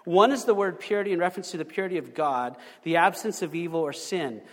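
A fairly high-pitched man preaching to a congregation in a casual, talky style, full of rhetorical questions and restarts. His voice rings with the long reverb of a church hall. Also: fast. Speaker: pastor. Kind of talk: sermon.

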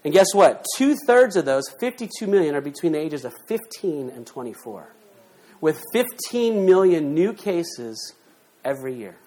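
A man in middle age delivers a sermon with a slightly higher-pitched voice. He is emphatic, pushing rhetorical questions at the congregation and swinging between loud punches and quiet asides. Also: moderate pace. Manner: emphatic, rhetorical questions, lively shifts in loudness. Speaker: pastor.

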